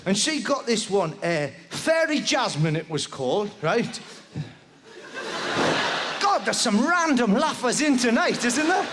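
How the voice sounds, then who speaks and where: High, lively-voiced male stand-up comedian. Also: a little slow, in a large hall. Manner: rambling, animated storytelling with constant "right?" tags. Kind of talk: live stand-up routine. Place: live comedy venue with audience. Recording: live venue with background noise.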